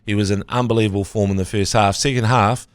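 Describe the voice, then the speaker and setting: Kiwi male podcast co-host, low-ish, dry studio sound, animated banter. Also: fast talker, no room sound. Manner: animated, jokey, breaks into mock voices. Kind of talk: casual sports chat.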